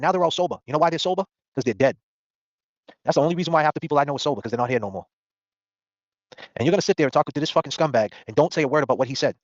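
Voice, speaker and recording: A man in his forties hosting a podcast, ranting with confrontational, mocking rapid-fire questions. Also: a little high, no echo. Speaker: host. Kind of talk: heated podcast rant. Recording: dull dry lo-fi audio.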